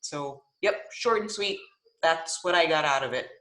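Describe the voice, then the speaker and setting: A woman's voice: low voice, normal speed, fairly bright tone, echoey room, low-quality recording. A woman coach sharing her takeaways on a group call, emotional and enthusiastic.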